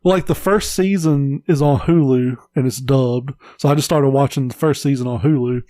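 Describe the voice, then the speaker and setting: A man's voice: medium pitch, normal speed, warm tone, dry recording. A man co-hosting a casual podcast, rambling through a story and swearing freely. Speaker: podcast co-host.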